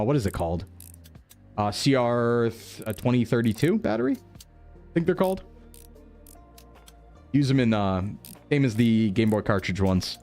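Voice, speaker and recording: Chatty male streamer talking through a game. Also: medium pitch. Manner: chatty, thinks aloud, excitable bursts. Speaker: streamer playing a repair simulator. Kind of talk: casual game commentary.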